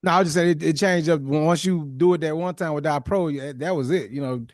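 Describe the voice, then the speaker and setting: A man hosting a podcast in casual chat, laid-back and quick to laugh. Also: on the high side, no echo, clean studio sound. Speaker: podcast host.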